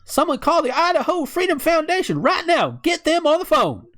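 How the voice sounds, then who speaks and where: A stern, defiant woman protester barks demands in a put-on lilt, as a man puts her on. The voice sits far higher than his usual talk and sounds a little off-mic. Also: sing-song, normal speed, fairly bright tone, full character voice.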